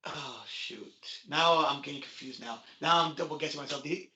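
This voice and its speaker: A man with a high, bright voice co-hosts a casual sports chat, hedging and second-guessing as he works through quiz answers. His voice bounces around an echoey room. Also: moderate pace. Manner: unsure, second-guessing, mild swearing. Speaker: podcast co-host.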